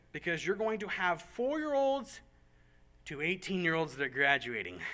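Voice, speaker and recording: A man's voice: medium pitch, bright, forceful tone. A man organizing a church program, giving a casual, joking planning briefing to a room of volunteers. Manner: upbeat and joking, with fast asides and repeats. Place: meeting room with a group present.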